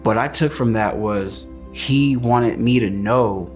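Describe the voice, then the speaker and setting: A man's voice: medium pitch, slow pace. A man recounting a personal experience in a plain, matter-of-fact way. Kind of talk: personal story clip. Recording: faint music behind.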